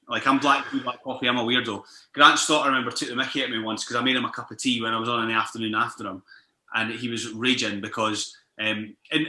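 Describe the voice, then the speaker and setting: Bright-voiced Scottish man, jokey storyteller. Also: medium pitch. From Scotland. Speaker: guest, radio presenter. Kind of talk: casual chat. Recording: echoey room.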